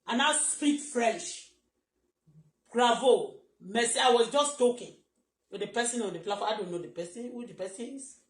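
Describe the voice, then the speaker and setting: A woman's voice: fairly high pitch, moderate pace. A woman with a Nigerian accent on a live stream, rambling and agitated, repeating herself and switching into Yoruba at times. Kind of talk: emotional live-stream monologue. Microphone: phone. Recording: echoey room.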